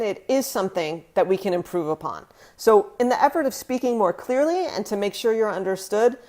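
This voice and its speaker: American woman host, clear and emphatic, explains French sounds to camera. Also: mid-range voice, darkish tone. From United States. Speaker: language vlogger. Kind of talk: scripted teaching vlog.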